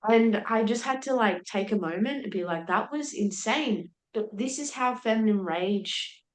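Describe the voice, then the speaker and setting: A woman's voice: medium pitch, normal speed, slight background noise. A young woman tells a story with a lot of energy, slipping into the voices of the people in it. Her voice sits in a middle range. The room around her rings with a noticeable echo. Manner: animated retelling with laughs and quoted speech. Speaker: podcast guest. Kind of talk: candid storytelling in conversation. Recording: roomy echo.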